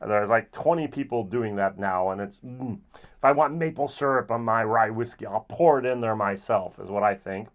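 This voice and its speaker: A man giving a casual, rambling whisky tasting review, often pausing with ums. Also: fairly low pitch, dull audio. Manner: relaxed, rambling with frequent ums.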